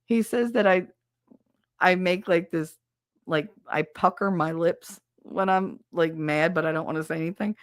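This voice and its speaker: Middle-aged woman, livestream host, chatty, laughs a lot, low voice, dry close sound. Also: normal speed, dry recording. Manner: chatty storyteller who laughs often and acts out quotes. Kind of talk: casual chat, reading out viewer comments.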